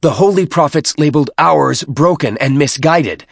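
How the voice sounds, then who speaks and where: A man's voice: mid-range voice, lively intonation, takes it slowly, no echo, studio quality, pitched above the performer's own voice. A man voicing a fierce young male alien warrior who snarls with contempt. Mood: scornful.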